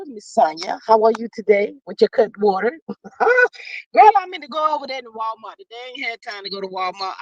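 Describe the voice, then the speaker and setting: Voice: no room sound, poor audio. Folksy livestream host calling everyone honey. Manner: folksy and chatty, calls viewers honey and child; animated, with sudden jumps in pitch and bursts of speed. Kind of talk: casual chat, reading out live chat comments.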